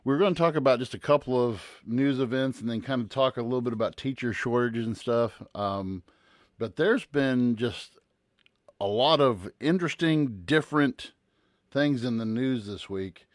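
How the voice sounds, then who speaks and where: Man, podcast host, casual chat, mid-pitched, halting, dry sound. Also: no room sound.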